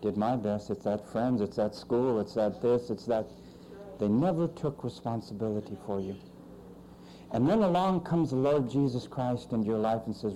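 A male pastor preaching a sermon with emphatic swings in pitch and loudness. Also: normal speed, a little hiss or hum, low-quality recording.

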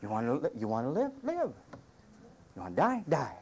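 Animated, punchy man preaching a sermon. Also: medium pitch, very fast, slight background noise. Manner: emphatic, punchy short commands; wry humor, mimics whiny complainers. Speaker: pastor.

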